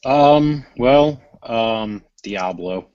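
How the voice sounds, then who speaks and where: A man chatting on a podcast in a halting way, full of "uh"s and restarts. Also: mid-range voice, expressive, darkish tone, clean tone, dry recording. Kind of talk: casual chat. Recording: dry, dull lo-fi audio.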